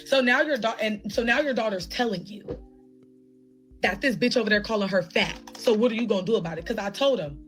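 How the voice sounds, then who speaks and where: A woman's voice: mid-range voice, brisk, soft background music, rough recording. Heated woman telling a storytime. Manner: animated, heated retelling with quoted dialogue. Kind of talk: casual storytime.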